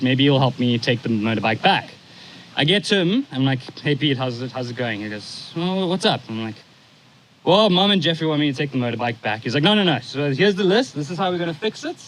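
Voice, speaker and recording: A young man in his twenties giving a eulogy for his stepfather, telling a story in a casual, halting way and pausing at times to compose himself. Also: mid-range voice, slight background noise, poor audio.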